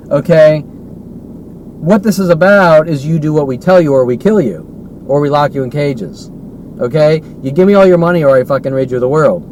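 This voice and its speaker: An agitated man rants on and on, swearing and repeating himself. His voice sits a little high, and a faint road hum comes through from around the car. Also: a little mellow, rough recording. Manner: agitated, profane, repetitive. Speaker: vlogger. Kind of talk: ranting solo monologue.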